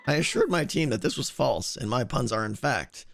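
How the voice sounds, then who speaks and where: A man streaming a game, chatting casually with viewers and thinking aloud, with a hoarse voice and many restarts. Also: medium pitch, lively intonation, normal speed, a bit bright, soft background music. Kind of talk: casual livestream chat answering viewers.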